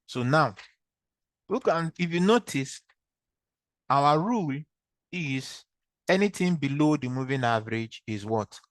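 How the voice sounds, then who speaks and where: A trading instructor with a Nigerian English accent teaches an online screen-share lesson, patiently walking through steps and quizzing students with repeated questions. His voice is on the high side, with lively intonation; he's unhurried and pauses often, in a dry recording.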